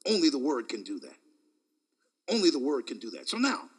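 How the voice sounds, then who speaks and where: This preacher's medium-pitched voice swoops wildly as he moves briskly between shouting and hushed asides, chuckling frequently between phrases.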